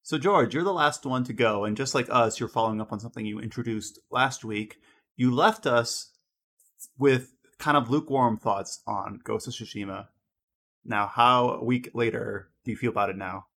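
A man's voice: mid-range voice, moderate pace, fairly bright tone. A man hosting a podcast who asks questions and jumps in to add his own points. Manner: prompting, interjects to add points. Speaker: podcast host. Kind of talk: casual podcast chat.

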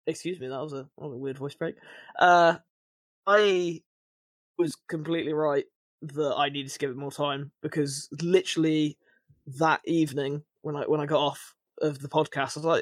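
A man talking casually on a podcast, his voice sitting a little high for a man. He rambles, restarting sentences and filling gaps with little fillers. The recording is close and dry. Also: level tone, moderate pace, dry recording. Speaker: podcast co-host.

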